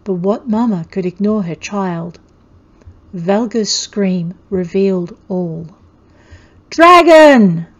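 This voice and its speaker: A woman author reading her own fantasy story aloud in a measured, steady storytelling manner. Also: mid-range voice, lo-fi sound. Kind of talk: scripted fantasy narration.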